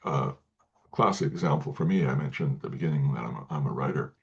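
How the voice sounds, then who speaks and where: A man speaking as an interview guest, talking in halting sentences with many restarts and repeated words. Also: a bass voice, creaky, dull audio. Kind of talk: casual interview talk.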